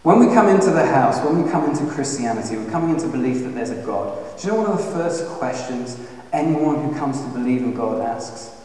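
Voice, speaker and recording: A man's voice: mid-range voice, brisk. Man preaching in an echoey hall. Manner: animated storytelling, swings from hushed to loud. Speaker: speaker at a student Christian talk. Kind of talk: sermon-style talk. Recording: echoey hall, speaker far from the mic.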